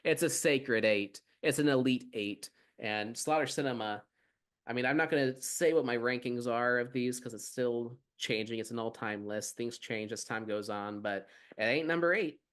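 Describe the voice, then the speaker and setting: A man's voice: medium pitch, normal speed, a bit bright. A man with a mid-range voice co-hosts a casual podcast. He rambles playfully through his thoughts. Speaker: podcast co-host.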